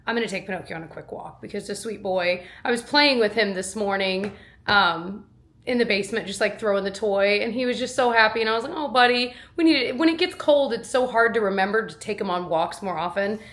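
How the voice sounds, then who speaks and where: A woman's voice: mid-range voice, a bit bright. A woman vlogging casually and cheerfully about her run, her dog and making dinner. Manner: cheerful, chatty, quick asides. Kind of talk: casual vlog chat.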